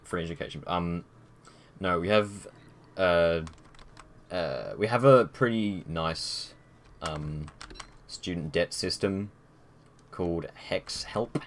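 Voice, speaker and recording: A man's voice: low voice, slow, pauses often, slight background noise. A young man streaming from his desk on a headset, chatting casually and rambling with fillers. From Australia. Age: young adult. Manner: rambling and easygoing, with many fillers and restarts. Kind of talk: casual live-stream chat.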